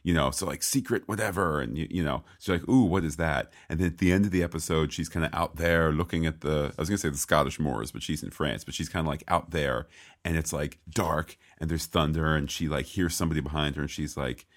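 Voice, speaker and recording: Male co-host, deep pitch, lively and emphatic in casual banter. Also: fast talker. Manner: animated, exclaiming, reads quotes aloud. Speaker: podcast co-host. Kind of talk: casual chat.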